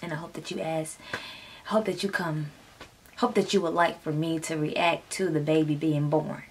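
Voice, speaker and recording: A woman's voice: sits low, fairly even intonation, moderate pace, a little hiss or hum. A woman hosting a music reaction video, talking in a flirty, playful and crude way, sometimes dropping to a whisper. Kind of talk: casual reaction commentary.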